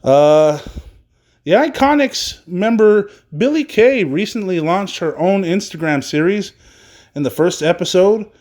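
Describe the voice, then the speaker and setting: A man's voice: on the high side, darkish tone. A man hosting a casual wrestling news podcast, rambling loosely with lots of fillers and casual swearing. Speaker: podcast host.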